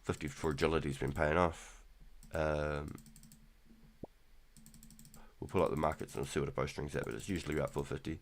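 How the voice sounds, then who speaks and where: A man in his thirties casually chatting through a live game stream, relaxed and rambling, with keyboard clicks behind him. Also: extremely low pitch, brisk, creaky, long pauses, a little hiss or hum. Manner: relaxed, rambling, repeats words. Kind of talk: casual gameplay commentary.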